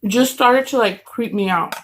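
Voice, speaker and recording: A woman's voice: on the high side, normal speed. A woman telling a story casually at home, rambling with many fillers and restarts. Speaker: vlogger telling a story while eating.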